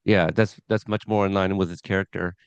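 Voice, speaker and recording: A man's voice: low voice, steady tone, a little fast, dull audio, a little hiss or hum. A man hosting a casual podcast, recapping an episode from his notes in a rambling way with chuckles. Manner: rambling, chuckling, reads scene notes aloud.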